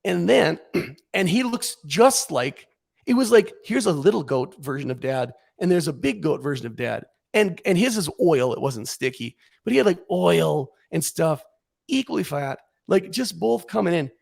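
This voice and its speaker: A man as a podcast guest, telling a comic story in a casual, animated way, acting out what he and others said. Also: on the high side, normal speed, creaky.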